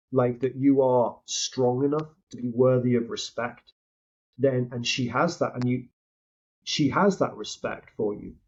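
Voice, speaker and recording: A man's voice: mid-range voice, slightly rough. A man who is a guest on a podcast, talking casually in a rambling way and often restarting his sentences. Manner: rambling, self-interrupting, hedging. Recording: dull lo-fi mic sound.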